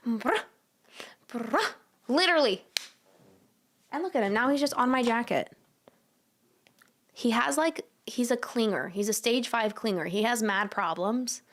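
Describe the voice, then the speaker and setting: A woman's voice: on the high side, lively intonation, unhurried, long pauses, fairly bright tone. A young woman casually chatting with viewers on a livestream from home, giggly and slangy, often cooing at her cat. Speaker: livestream host.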